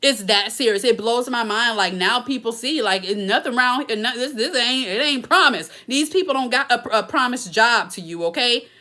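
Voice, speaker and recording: Bright-voiced chatty woman streaming live. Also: fairly high pitch, normal speed, few pauses. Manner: chatty, emphatic, talks straight to viewers. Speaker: blogger hosting a live Q&A. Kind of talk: casual live-stream chat.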